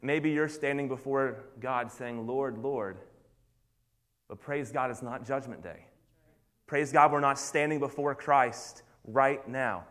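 A man's voice: medium pitch, a little slow, fairly bright tone. A man preaching a sermon in an earnest, confessional way, often stumbling over restarts.

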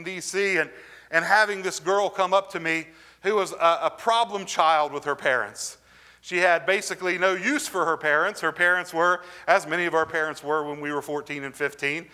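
Bright, high-voiced male preacher. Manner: earnest preaching with slow emphatic scripture reading. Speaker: pastor. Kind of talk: sermon.

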